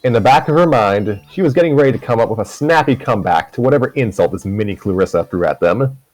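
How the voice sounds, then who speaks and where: A man's voice: medium pitch, lively intonation, fast talker, a little mellow, dry recording, soft background music. A man reading a story aloud live on stream, narrating steadily with the odd restart. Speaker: story reader.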